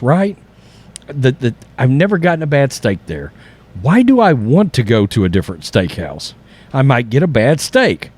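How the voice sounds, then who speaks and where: A man's voice: fairly high pitch, darkish tone. A middle-aged man, hosting a casual sports commentary vlog in a rambling, profane way. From Texas. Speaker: sports channel host.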